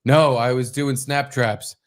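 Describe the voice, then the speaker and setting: A man hosting a podcast, making wry, deadpan jokes with casual swearing in a relaxed comedic chat. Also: mid-range voice, takes it slowly. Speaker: podcast host.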